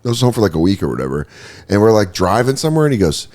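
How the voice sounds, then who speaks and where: A man's voice: fairly low pitch, very animated, rapid-fire, a little mellow. A man hosting a podcast, chatting casually and joking, sometimes putting on mock voices. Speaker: podcast host. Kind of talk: casual chat.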